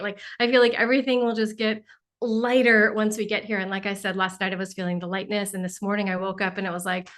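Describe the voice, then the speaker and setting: A woman who is a spiritual teacher hosts a casual livestream, bubbly and effusive as she greets viewers joining in, exclaiming often. Her medium-pitched voice is fairly bright, with fairly even intonation and a slightly fast pace, and she's a little sniffly from allergies.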